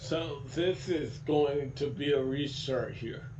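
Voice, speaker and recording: A man calling a sim racing event as play-by-play commentator, getting excited at restarts. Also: on the high side, slow, muffled recording, noisy background. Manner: calls the race, gets excited at restarts.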